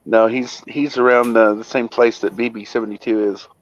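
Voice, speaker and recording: A man's voice: medium pitch, little pitch movement, moderate pace. A tired man hosting a livestream in casual chat, rambling in a laid-back way and correcting himself as he goes. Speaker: livestream host. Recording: muffled lo-fi stream audio.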